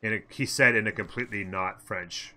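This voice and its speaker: A man's voice: on the low side, a little fast, pushed and bright. A man hosting a strategy game let's play, chatting and thinking aloud as he plays and answering his chat.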